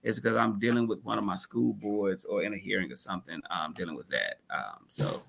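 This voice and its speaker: A man's voice: fairly low pitch, fairly quick, vocal fry, a little hiss or hum. A man who is a lawyer, a guest on a casual livestream, joking and laughing with the host. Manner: jokey, laughing, lively. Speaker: attorney guest.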